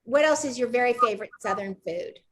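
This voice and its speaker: Woman host, slightly high voice, chatty storyteller on a video call. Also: fast, a crowd in the background. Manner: chatty storyteller, asks eager follow-up questions. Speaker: cooking show host. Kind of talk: casual video-call chat.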